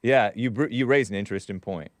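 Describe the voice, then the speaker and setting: A man hosts a live talk stream, reading viewer chats wryly, laughing often, trailing off and restarting. His voice is fairly low and fast, with a dry, clean studio sound.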